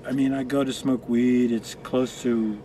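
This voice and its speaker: In a room thick with marijuana smoke, a Colorado guest on a relaxed chat show drifts through long, cursing, tangent-filled stories. His medium-pitched voice is warm and unhurried, with little pitch movement. There's slight background noise.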